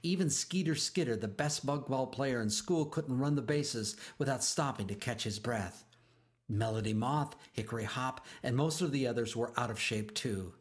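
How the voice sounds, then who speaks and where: A man narrating a children's storybook aloud, expressive and slowing down for emphasis. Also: medium pitch.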